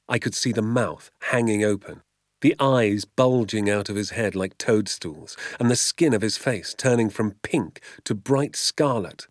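A man narrating an audiobook in a low, grounded voice. He reads in a measured, vivid storytelling manner, and the recording is dry and close, with no room sound. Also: no room sound. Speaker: audiobook reader.

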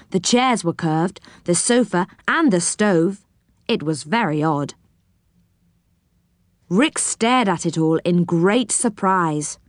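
Woman storyteller, slow children's book reading, lively pitch, dry close sound. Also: no room sound.

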